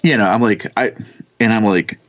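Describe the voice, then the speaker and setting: A man in his thirties telling a ghost story in casual chat, rambling and halting with many restarts and casual swearing. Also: on the low side. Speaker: podcast guest telling ghost stories. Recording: dull lo-fi sound.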